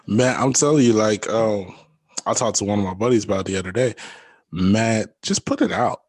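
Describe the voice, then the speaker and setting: Young guy, animated storyteller, does the voices, laughs a lot, dry close sound. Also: lowish voice, brisk, breathy edge, dry recording. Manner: animated storyteller, acts out quotes, laughs often. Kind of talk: casual chat.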